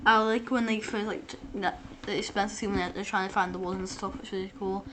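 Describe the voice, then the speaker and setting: A woman's voice: mid-range voice, fairly even intonation, fast, a bit bright. This is a woman with an ordinary mid-range voice, talking in loose, chatty bursts peppered with "like". She jumps in often with short reactions while her co-host talks. A faint noise sits in the background. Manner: chatty, chimes in with short remarks, heavy use of "like". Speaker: podcast co-host. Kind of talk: casual film discussion.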